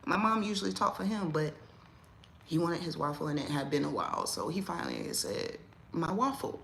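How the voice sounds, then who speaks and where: A woman's voice: fairly quick, vocal fry, slight background noise. A woman hosting a casual livestream, telling a story. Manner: animated, rising loud and high when riled. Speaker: livestream host.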